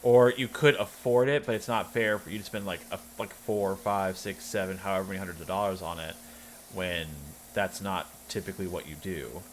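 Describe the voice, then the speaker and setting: A man chats through a long personal story on stream, doubling back and correcting himself with a wry edge. His voice sits fairly low. A faint hiss of noise runs underneath. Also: steady tone, brisk. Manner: rambling, self-interrupting, wry. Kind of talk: casual storytelling chat.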